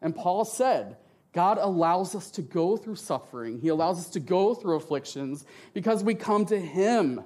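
A middle-aged man, passionate and expressive, giving an emotional church testimony with slides and often checking in with "right?". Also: on the high side. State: tearful at times.

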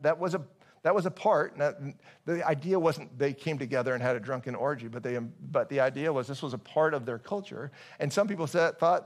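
Guy preaching in church, kinda high voice, chatty and jokey, lots of restarts. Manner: conversational, joking, many restarts. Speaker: pastor. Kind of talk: sermon.

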